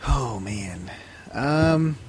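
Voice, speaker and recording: A man's voice: medium pitch, lively intonation, very slow, a little hiss or hum. A man co-hosting a podcast, telling crude stories in casual chat and laughing often. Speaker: podcast co-host.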